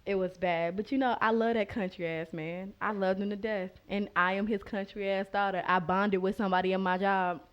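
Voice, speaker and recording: A woman from Oklahoma who is a guest on the show, reading a poem and telling comic stories in a loud, animated way. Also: mid-range voice, a little fast, few pauses, highs cut off. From Boley, Oklahoma.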